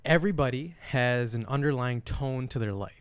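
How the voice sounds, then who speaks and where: A man's voice: medium pitch, moderate pace, clear, resonant tone, no echo. A man talking as a guest on a podcast, thoughtfully explaining his own outlook. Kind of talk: casual podcast chat.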